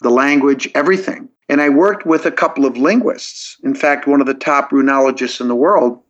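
Medium-pitched and brisk, this man is being interviewed as a podcast guest. He reasons earnestly one step after another, telling it logically but restarting his sentences a lot, all on dull lo-fi audio.

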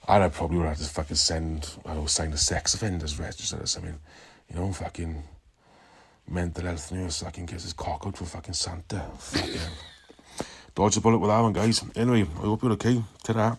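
A man's voice: low voice, fairly even intonation, quick pace, vocal fry, slightly rough. A Welsh man calling in to tell a rambling story, swearing constantly. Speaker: caller. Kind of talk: recorded call-in story.

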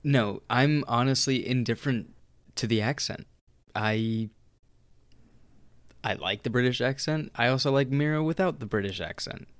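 A man's voice: medium pitch, moderate pace, pauses often, dry recording. A man casually discussing movies on a podcast, laid-back and hedging his opinions.

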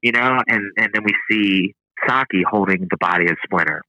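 A man's voice: lowish voice, normal speed, sharp tone, no echo, low-quality recording. A man appearing as a guest on a podcast, chatting casually and agreeably about a comic book. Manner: agreeable, easygoing, thinks aloud.

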